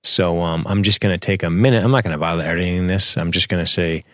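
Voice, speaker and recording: A man's voice: low voice, steady tone, fast, fairly bright tone, no echo. A man co-hosting a podcast, chatting casually and profanely about a movie as he watches it, laughing often. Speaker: podcast co-host. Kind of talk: casual movie commentary chat. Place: home streaming setup.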